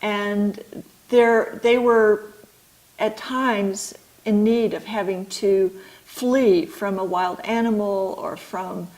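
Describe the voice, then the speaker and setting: A middle-aged woman, an author and midwife, explaining her ideas slowly and thoughtfully in an interview. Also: medium pitch, fairly even intonation, a little mellow, poor audio.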